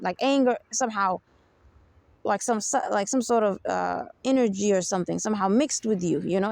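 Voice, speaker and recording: Self-help speaker, woman, slightly high and gravelly, emphatic unscripted monologue, dry close sound. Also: darkish tone, no echo. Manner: emphatic, keeps asking "you get me?".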